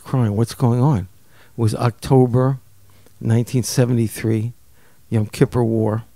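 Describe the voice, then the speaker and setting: An older man from New York telling a personal story in an interview, lively and acting out the people he quotes. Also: medium pitch, a little slow, gravelly, no echo. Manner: animated, acts out quoted voices, repeats words. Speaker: guest storyteller.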